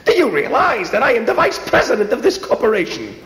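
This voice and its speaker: A man voicing a pompous, panicky male vice president who pleads in a high, fussy voice. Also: huge pitch swings, fast talker, a bit bright, full character voice. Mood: indignant. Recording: roomy echo.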